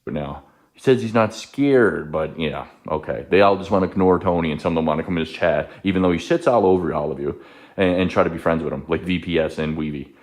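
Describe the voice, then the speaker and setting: Deep-voiced man on an angry rant. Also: quick pace, a little mellow. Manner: heated, profane, accusing. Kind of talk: angry rant in a played clip.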